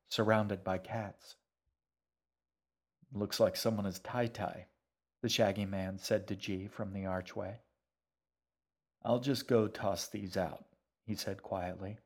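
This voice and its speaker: A man reading his own novel aloud in calm, measured scripted narration. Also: on the low side.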